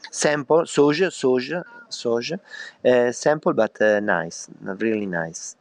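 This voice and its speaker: A middle-aged man with a strong Italian accent works through his English slowly, filling pauses with "uh" and dropping into Italian words. His voice sits at an ordinary pitch. The sound is dry and close. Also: expressive, dry recording. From northern Italy. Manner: halting English with many fillers, slipping into Italian. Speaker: chef. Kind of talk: interview over a call.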